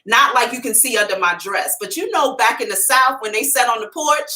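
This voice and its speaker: A woman hosting a live psychic reading, talking in a blunt, profane and animated way. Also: on the high side, fairly quick.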